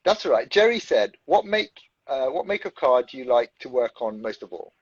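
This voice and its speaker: A man's voice: mid-range voice, sing-song, moderate pace, slightly rough. A man hosting a casual online chat, asking questions and reading out viewer questions. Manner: chatty, reads out viewer questions. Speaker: host. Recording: dull lo-fi sound.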